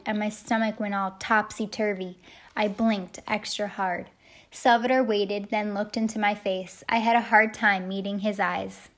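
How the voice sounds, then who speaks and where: A woman narrating a first-person audiobook in a heartfelt storytelling manner. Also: mid-range voice. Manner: heartfelt storytelling, shouting the quoted lines.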